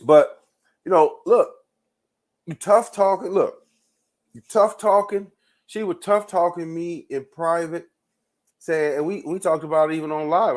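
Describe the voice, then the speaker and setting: Slightly high and a bit mellow, this man's voice carries his own show as he rambles and rants. His commentary is loose and profane, full of repeated words and frequent laughter.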